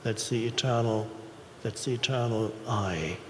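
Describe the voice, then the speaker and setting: Calm, measured man in a reverberant hall. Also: lowish voice, background noise. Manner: calm, measured, with deliberate pauses. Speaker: speaker on stage. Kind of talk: spiritual talk. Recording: echoey hall recording.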